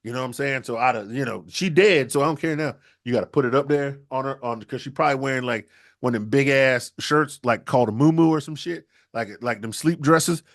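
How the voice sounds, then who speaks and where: A man co-hosting a podcast, riffing crudely through loud, animated comedic storytelling. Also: medium pitch, a little fast. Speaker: podcast co-host.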